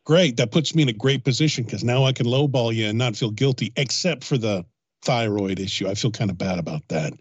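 Male host, deadpan sarcastic, dry and slightly muffled. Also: mid-range voice, fairly quick, breathy edge, no echo. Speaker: radio prank caller. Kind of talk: comedic phone bit.

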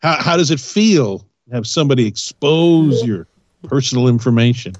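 A man's voice: medium pitch, normal speed, no room sound, highs cut off. A man co-hosting a prank call show, sarcastic and mocking in casual crude banter. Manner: sarcastic, mocking, deadpan jabs.

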